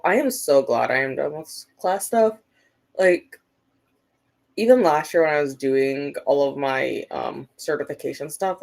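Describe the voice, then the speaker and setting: A woman hosting a relaxed livestream from home, chatting loosely and reading out viewer comments as they come in. Her voice sits a little low for a woman, and her talk is full of "like" and "um.". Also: creaky. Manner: chatty, reads viewer comments aloud, frequent "like" and "um" fillers. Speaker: livestream host. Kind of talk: casual livestream chat.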